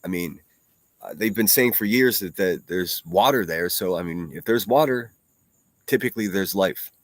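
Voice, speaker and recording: A man's voice: sits low, normal speed, no room sound. Blunt, profane man hosting a livestream. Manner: blunt, profane, reads viewer comments aloud. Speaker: livestream host. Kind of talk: casual solo livestream chat.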